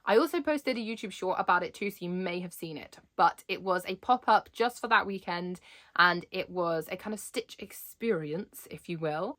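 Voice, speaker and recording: A woman's voice: medium pitch, a bit bright. A young adult woman chatting in a vlog, bubbly and rambling, laughing often as she talks. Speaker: Disney vlogger.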